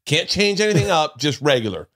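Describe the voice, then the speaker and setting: A man hosting a podcast, telling comic stories in a casual, animated way and acting out quoted lines with big jumps in pitch. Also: a little fast, dry recording, clean studio sound. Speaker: podcast host. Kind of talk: casual comedic storytelling.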